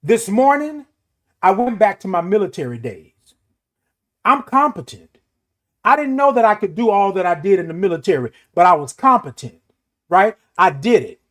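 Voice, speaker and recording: A man's voice: sits high, very animated, normal speed, fairly bright tone. A middle-aged man hosting a morning show, giving a motivational talk in an emphatic, repetitive preaching cadence. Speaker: host.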